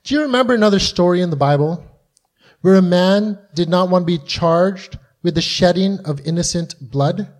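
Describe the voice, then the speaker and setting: A man's voice: high voice, moderate pace, a little mellow. A man preaching a sermon, earnest, acting out the voices in the stories he tells. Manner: earnest, acts out quoted voices with rising intensity.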